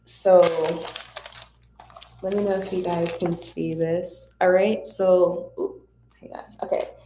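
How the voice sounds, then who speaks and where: A woman's voice: lowish voice, creaky, dark tone. A woman hosting a spiritual Q&A livestream, giving casual, encouraging advice straight to her viewers in a chatty way. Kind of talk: casual spiritual guidance talk. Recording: echoey room.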